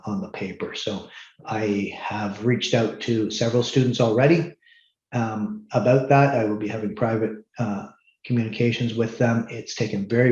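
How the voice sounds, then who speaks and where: A man's voice: fairly low pitch, darkish tone. Middle-aged male lecturer, blunt and firm during office hours, in a roomy, slightly muffled recording. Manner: blunt and firm, many ums and restarts. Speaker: university course instructor. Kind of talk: online office hours talk to students. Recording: roomy, slightly dull sound.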